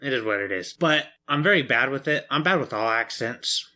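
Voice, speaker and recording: Easygoing guy chatting on a podcast, bright tense-sounding voice, laughs a lot. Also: mid-range voice, expressive, brisk. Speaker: podcast co-host. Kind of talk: casual chat.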